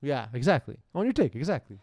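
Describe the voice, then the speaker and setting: Male podcast host, young, mellow tone, rambling and self-mocking, dry close mic. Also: a little high, very animated, no echo. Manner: rambling, self-deprecating, quick asides. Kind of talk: casual sports podcast chat.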